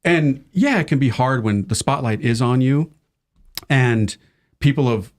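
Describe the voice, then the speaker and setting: A man, a priest and podcast guest, chatting casually and telling animated stories, acting out the people he quotes. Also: medium pitch, unhurried. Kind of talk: casual conversation.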